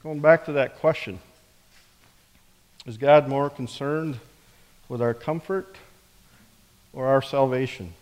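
A man's voice: medium pitch, slow pace, long pauses, a little mellow. Man preaching in a reverberant hall. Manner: conversational, with rhetorical questions. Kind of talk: sermon.

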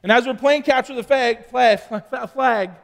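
A man's voice: extremely high pitch, measured pace, gravelly, a bit bright. A middle-aged man preaching to young cadets, telling a personal story with chatty asides to the audience. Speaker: youth pastor. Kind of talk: sermon to youth cadets.

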